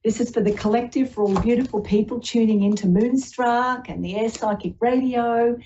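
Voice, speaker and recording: Mellow-voiced woman psychic host. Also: fairly high pitch, moderate pace, dull audio, a little hiss or hum. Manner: warm-hearted, rambling, spiritual storytelling. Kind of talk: spiritual talk show monologue.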